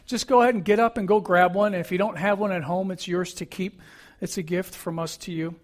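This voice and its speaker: Earnest man preaching, high voice. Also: fairly even intonation, brisk. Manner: earnest, emphatic preaching with repeated phrases. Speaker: pastor. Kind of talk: sermon.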